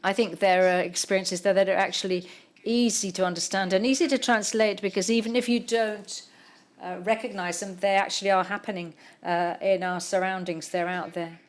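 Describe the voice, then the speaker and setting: A woman's voice: mid-range voice, fairly even intonation, moderate pace. A woman novelist speaking at a public literary conversation, thoughtful and searching for her words. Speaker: novelist on a panel.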